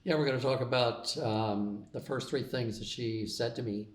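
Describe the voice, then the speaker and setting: A man's voice: medium pitch, normal speed. A man co-hosting a casual talk with his wife, easygoing and loose, with plenty of ums and you-knows. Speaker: co-host. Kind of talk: casual chat. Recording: echoey room.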